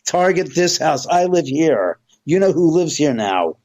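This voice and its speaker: Animated middle-aged man telling stories. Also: fairly high pitch, a little slow, lo-fi sound. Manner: animated, rambling, acts out quoted dialogue. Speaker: guest. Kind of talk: casual storytelling on a radio interview.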